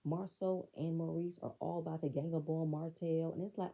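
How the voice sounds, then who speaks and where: A woman recaps a reality show, blunt and sassy, talking back at the screen. Her voice sits low and very dark, with a gravelly, husky edge. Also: little pitch movement, moderate pace, hardly any pauses, rough recording. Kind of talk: casual show recap commentary.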